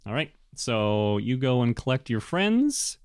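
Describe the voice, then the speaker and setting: A man narrating a tabletop game as game master, halting with many fillers. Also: mid-range voice, sing-song, clear, resonant tone, no room sound, studio quality.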